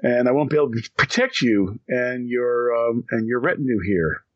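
A man's voice: medium pitch, moderate pace, no room sound, lo-fi sound. A man playing a tabletop role-playing game, often stammering as he starts a sentence. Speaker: player.

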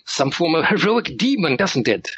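A man's voice: fairly high pitch, sing-song, moderate pace, fairly bright tone, breathy edge, dry recording, dull audio. A man narrating as game master of a tabletop game, rambling and often restarting his sentences. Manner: rambling, full of fillers and restarts.

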